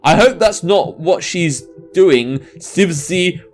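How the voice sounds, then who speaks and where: A man's voice: a little high, sing-song, unhurried, few pauses, faint music behind. Rambling young man reading a game aloud. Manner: rambling, self-mocking, stumbles over misspelled words. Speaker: let's-play commentator. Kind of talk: reading a visual novel aloud with commentary.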